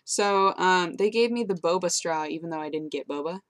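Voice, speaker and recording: A woman's voice: lowish voice, moderate pace. A young woman vlogging casually into her webcam, telling rambling stories with frequent giggles. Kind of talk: casual chatty vlog.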